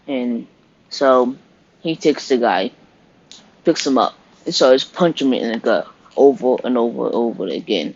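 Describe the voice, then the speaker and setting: A man's voice: mid-range voice, expressive, a little slow, creaky. A man narrating an improvised fan story in a loose, rambling way. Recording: dull lo-fi recording.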